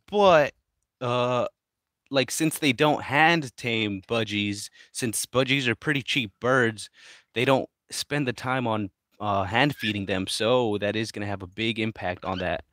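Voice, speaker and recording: A man hosting a casual livestream, reading viewer questions aloud and chatting in a relaxed, mumbly way to his pets. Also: medium pitch, a little slow, no echo, clean studio sound. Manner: laid-back, mumbly, talks to his pets. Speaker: livestream host reading chat. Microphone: phone.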